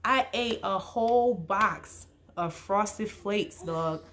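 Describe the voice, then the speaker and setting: Young woman vlogger, casual storyteller, slangy and animated, faint room noise. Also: mid-range voice, slow. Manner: slangy, animated, heavy use of "like".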